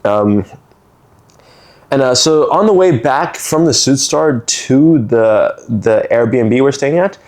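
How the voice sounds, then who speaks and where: Man, casual storyteller, mid pitch, loose and rambling, keeps dropping "like" and voicing the people in his story. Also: animated, slow, a little mellow. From San Francisco. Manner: rambling, many "like" fillers, acts out other people's lines. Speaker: storytelling guest.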